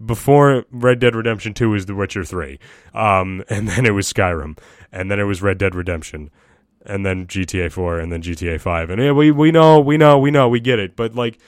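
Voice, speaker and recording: A man's voice: deep voice, normal speed, dry recording, studio quality. A man talking casually and at length about video games, swearing often and mocking himself. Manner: profane, self-deprecating, excitable. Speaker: gaming vlogger. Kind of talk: casual rambling monologue.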